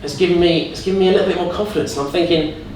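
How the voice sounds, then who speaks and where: Awkward young man in an echoey comedy room. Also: very fast. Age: young adult. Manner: awkward, deadpan, faltering character with sudden squeaky put-on voices. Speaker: student stand-up comedian. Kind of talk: in-character stand-up set. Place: student comedy club stage with audience. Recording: very echoey room, distant mic, noisy. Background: audience laughter and room ambience.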